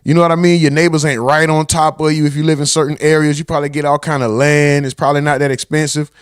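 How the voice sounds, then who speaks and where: A man's voice: fairly high pitch, flat delivery, fast, clear, resonant tone, dry recording, studio quality. A man hosting a casual livestream, reading chat messages aloud and bantering in loose, profane talk.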